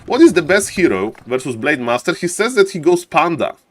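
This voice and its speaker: A man who is not a native English speaker, casting a game live on stream in a showy way, chatting with viewers and greeting them warmly. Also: on the high side, very animated, fairly quick. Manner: showman-like, keeps repeating "ladies and gentlemen". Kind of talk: live esports commentary.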